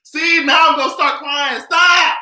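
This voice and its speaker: A man on a live stream, ranting loudly and animatedly with lots of profanity. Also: very high-pitched, fairly even intonation, unhurried, echoey room. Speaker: vlogger.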